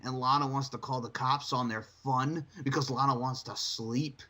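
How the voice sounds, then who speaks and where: A man co-hosting a wrestling podcast in casual chat, animated and profane, often breaking into shrill mocking voices. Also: moderate pace. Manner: animated, swearing, jumps into shrill mocking impressions. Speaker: podcast co-host.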